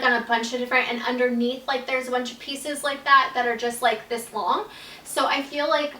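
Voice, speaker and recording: A young woman chatting through a casual vlog storytime, her voice bright and on the high side. She fills nearly every phrase with "like" and swears freely. She sits back from the mic in a roomy, echoing space. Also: far from the mic. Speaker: YouTuber telling a personal story.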